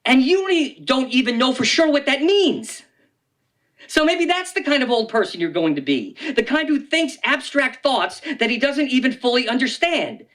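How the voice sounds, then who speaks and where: A man in his sixties reads comic poems aloud at a bookstore event. His delivery is wry and dry, and it jumps now and then into loud, high outbursts. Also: very animated, normal speed. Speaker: poet. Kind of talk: live poetry reading. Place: bookstore reading.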